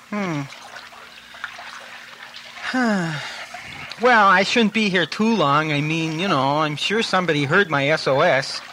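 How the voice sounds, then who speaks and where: A man's voice: fairly high pitch, background noise. A man playing a goofy, naive radio DJ hero in a comedy radio serial, with a dim, drawling, easily puzzled way of talking.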